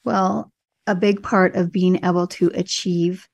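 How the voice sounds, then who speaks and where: Low gravelly-voiced woman, earnest. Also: unhurried, no echo. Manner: earnest, reassuring, animated storytelling. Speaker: birth support worker, guest. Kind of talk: casual conversation.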